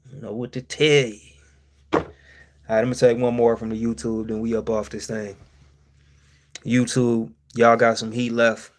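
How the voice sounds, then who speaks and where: Male streamer host, mid-pitched, loose and profane, quick laughs, loud-to-mumbled delivery. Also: a little hiss or hum. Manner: profane, joking, laughs often, animated swings in loudness. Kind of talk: casual live-stream Q&A.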